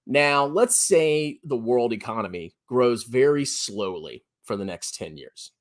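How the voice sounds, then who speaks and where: A man in his thirties talks straight to his viewers about money, blunt and sarcastic. His mid-pitched voice swoops a lot and often leaps high when he mocks someone. It sounds like an unscripted solo commentary. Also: expressive, unhurried. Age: 30s. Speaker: personal finance YouTuber.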